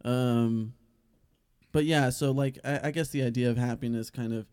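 A young man co-hosting a podcast, talking in halting, hesitant casual chat with wry asides. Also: mid-range voice, steady tone, darkish tone, smooth, dry recording, studio quality. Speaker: podcast co-host.

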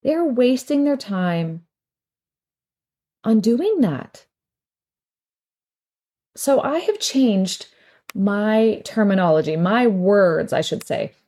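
This middle-aged woman's mid-range voice is animated yet dark in tone, and she takes her time, leaving long pauses. Hosting her podcast, the salon owner drifts through casual stories in a chatty monologue, laughing often.

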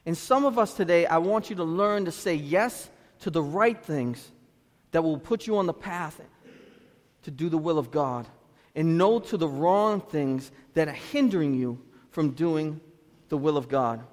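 A man in his thirties from Lynn, Massachusetts, with a Boston-area accent, preaching a sermon as a pastor through animated storytelling with street slang. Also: a little high, a little slow. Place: church sanctuary. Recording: reverberant church hall.

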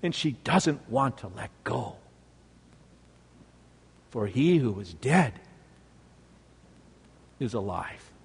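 A male preacher telling a story in a sermon, swinging between loud exclamations and hushed, near-whispered lines. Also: mid-range voice, big pitch swings, takes it slowly, gravelly, pauses often, slightly rough, long reverb tail.

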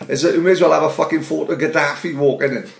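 A man's voice: fairly high pitch, fairly even intonation, racing, creaky. A man, co-hosting a podcast, ranting sarcastically and swearing constantly in casual chat. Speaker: podcast co-host. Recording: roomy echo.

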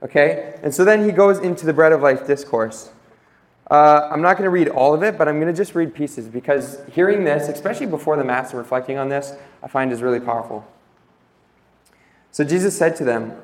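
A young man giving an informal religious talk to a group, earnest and reading scripture slowly and reflectively. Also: a little high, lively intonation. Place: room with an audience. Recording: echoey room.

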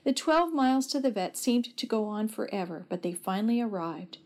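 A woman narrating a children's story aloud in a steady, gentle read. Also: mid-range voice, normal speed.

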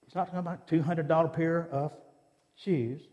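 A man's voice: fairly high pitch, steady tone, brisk, warm tone, long reverb tail, muffled recording. A man giving a sermon in a conversational, storytelling way, acting out the dialogue of his anecdotes. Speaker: preacher. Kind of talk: sermon with personal stories. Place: church.

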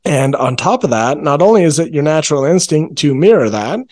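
A man who coaches parents, talking in an earnest, explanatory way and slowing down to stress his main points. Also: a little high, animated, darkish tone. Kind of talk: casual podcast chat.

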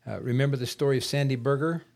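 A man talking casually about politics on a podcast, measured and wordy, and he often clears his throat. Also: medium pitch, darkish tone. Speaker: podcast co-host.

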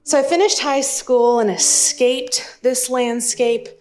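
A woman from East Texas, in her thirties, with an East Texas accent, tells a story to a live audience, slow and unhurried. Her voice sits fairly high. Her manner is humorous and self-deprecating. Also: fairly even intonation, darkish tone, a little hiss or hum. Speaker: speaker and Spanish teacher.

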